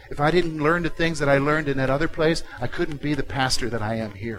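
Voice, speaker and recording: A male pastor delivering a sermon, dropping to a quiet intimate tone and then rising loud and emphatic. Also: fairly high pitch, fairly quick, few pauses, low-quality recording. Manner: dynamic preaching, swinging from hushed to loud and emphatic.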